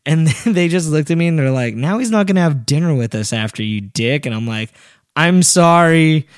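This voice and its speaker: A man co-hosting a podcast, chatting casually and telling stories, acting out quotes in a high quivering voice. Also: quick pace, dry recording, studio quality. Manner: animated storyteller, acts out quotes in a high quivering voice. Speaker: podcast co-host. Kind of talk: casual chat.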